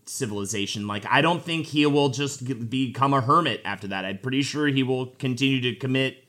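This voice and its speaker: A man joins a casual gossip podcast over a call. He is blunt and often answers with quick, short reactions. His pitch sits in the middle range. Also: fairly bright tone. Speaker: podcast co-host.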